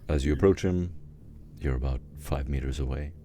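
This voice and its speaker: A man narrating a tabletop role-playing game as game master, describing scenes in an unhurried way with fillers. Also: very deep voice, mellow, a little hiss or hum.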